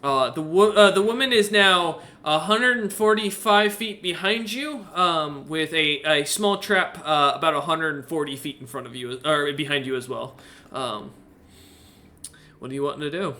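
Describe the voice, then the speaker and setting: A man narrates a tabletop game as its game master, his voice bright and a touch higher than most. He rambles between descriptions, filling the gaps with ums and uhs. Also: normal speed. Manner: rambling with many fillers.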